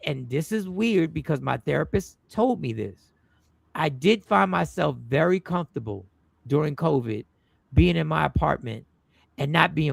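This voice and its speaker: A man who is a comedian, hosting a casual livestream chat and telling animated stories that repeat lines for effect. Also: fairly high pitch, vocal fry, dry recording. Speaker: host.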